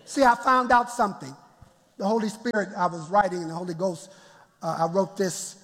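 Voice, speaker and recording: A male pastor preaching a lively sermon in a church, often chuckling and calling out to the congregation. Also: high-pitched, brisk. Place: church sanctuary. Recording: long church reverb.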